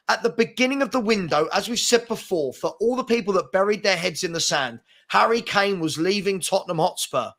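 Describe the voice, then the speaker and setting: Ranting bright-voiced man. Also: high voice. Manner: ranting, insistent. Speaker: host. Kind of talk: heated football chat.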